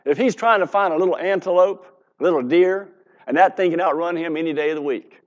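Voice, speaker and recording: A man's voice: a little high, fast talker, muffled recording. A man in his seventies preaching a sermon in an earnest, conversational way, asking the congregation questions.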